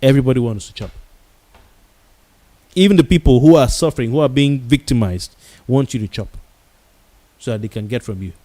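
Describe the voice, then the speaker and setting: Passion drives this man's rant as he hosts a late-night talk show monologue, his Nigerian-accented English sprinkled with pidgin. He talks a little fast at an ordinary middle pitch, in a mellow voice broken by long pauses.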